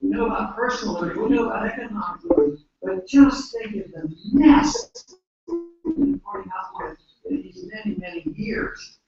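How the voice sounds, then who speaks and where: An American man giving an earnest, emphatic speech at a conference, pausing often with hesitations. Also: extremely high pitch, expressive. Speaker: conference speaker. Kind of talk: speech to an audience. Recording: echoey hall, distant mic, dull lo-fi.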